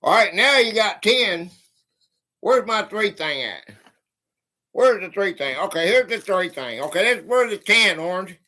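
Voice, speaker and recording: Guy on a livestream greeting viewers, reading fortunes, slow talker, bright sharp voice. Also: high voice, animated. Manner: chatty, greets viewers by name and reads out fortunes. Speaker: livestream host. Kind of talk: casual livestream chat.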